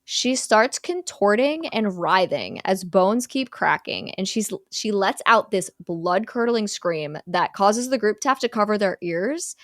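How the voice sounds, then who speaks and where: A woman's voice: medium pitch, dry recording. Woman retelling a horror plot, dry mic. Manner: animated storyteller, many "like" fillers. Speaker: podcast co-host retelling a film plot. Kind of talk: casual chat, narrating a plot.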